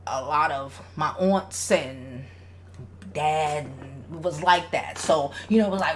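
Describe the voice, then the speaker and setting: A woman's voice: deep voice, expressive, slow pace. A woman hosting a casual advice livestream, speaking bluntly with a lot of swearing and reading viewer comments aloud. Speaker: relationship advice host.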